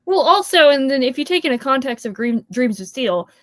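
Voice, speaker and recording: A woman co-hosting a casual book discussion, speaking in a lively, joking way. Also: sits high, a little fast, no room sound, clean studio sound.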